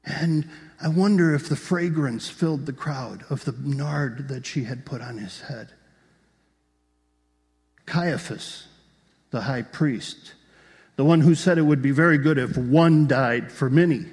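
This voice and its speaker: Here the pastor's voice is mid-range and somewhat dark, and he keeps a measured pace. He narrates vividly and poses rhetorical questions to the congregation, recorded with a large hall's long reverb.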